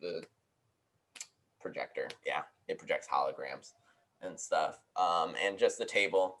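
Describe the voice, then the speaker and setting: A young man narrates a tabletop game as its game master, his voice bright and clear. He hesitates often, filling gaps with ums and easy laughs. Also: low-pitched, unhurried, slight background noise, poor audio. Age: young adult.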